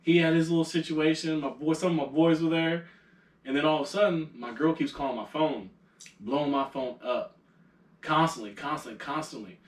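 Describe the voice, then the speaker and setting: A man's voice: fairly high pitch, fairly quick. A young man co-hosting a podcast, telling a story in casual chat, laughing and acting out the quotes. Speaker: podcast co-host. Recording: echoey room, a little far from the mic.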